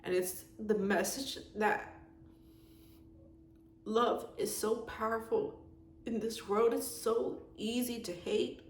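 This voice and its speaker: A woman's voice: a little high, fairly even intonation, slow pace, pauses often. Heartfelt young woman rambling in an echoey room. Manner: rambling, heartfelt, gushing with frequent fillers. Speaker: vlogger reviewing a performance. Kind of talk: casual emotional review. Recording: echoey room with faint background noise.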